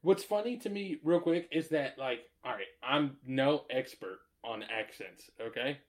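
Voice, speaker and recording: A man in casual podcast chat, animated and swearing, who laughs often and rambles with lots of "like". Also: mid-range voice, a little slow. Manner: animated, laughs often, swears, mimics others in quoted asides; rambling with many "like" fillers.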